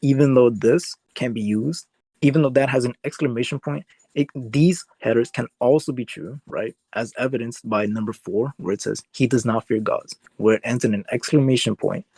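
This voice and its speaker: A man's voice: medium pitch, normal speed, gravelly, darkish tone, slightly rough, no room sound. A man debating casually, rambling with lots of filler words as he lays out his point. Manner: rambling, heavy use of "like" fillers.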